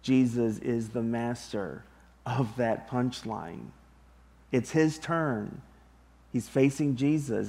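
A man preaching a sermon to his congregation, deliberate and emphatic, with long pauses. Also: medium pitch, gravelly, warm tone. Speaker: pastor.

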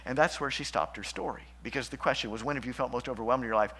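A man preaching a sermon as pastor, shifting between loud emphatic lines and hushed, slow passages. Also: medium pitch, slightly rough.

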